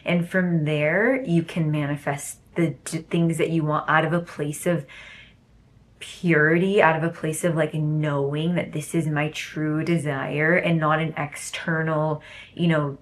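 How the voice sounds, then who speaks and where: A woman's voice: low-pitched, little pitch movement, unhurried. A young woman talking casually and effusively to camera about self-belief, rambling and repeating herself for emphasis. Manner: gushing, rambling, emphatic repetition. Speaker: self-development course creator. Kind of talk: casual motivational vlog.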